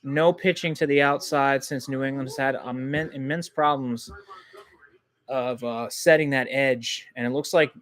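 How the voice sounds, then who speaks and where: Excitable man doing livestream game reactions. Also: medium pitch, a little slow. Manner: excitable, jumps to indignant outbursts at calls; loose and rambling, many ums and restarts. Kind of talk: live football reaction commentary.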